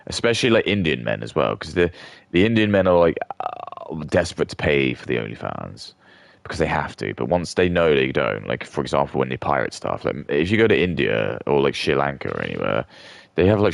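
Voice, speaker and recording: A man's voice: extremely low pitch, gravelly, dry recording. A man rambling crudely and opinionatedly in casual commentary while he streams a game. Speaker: gaming streamer.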